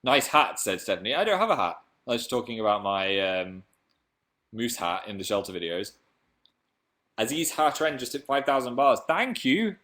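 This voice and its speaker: A man's voice: on the low side, very animated, moderate pace, bright, forceful tone. A young man from England hosting a casual live stream, chatting playfully and reading out viewer comments.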